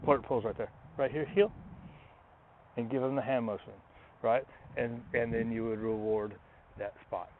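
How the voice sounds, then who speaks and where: A man training his dog outdoors, talking himself through it in a relaxed way between short commands to the dog. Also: mid-range voice, moderate pace. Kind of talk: casual training explanation. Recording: tinny phone-like, noisy outdoors.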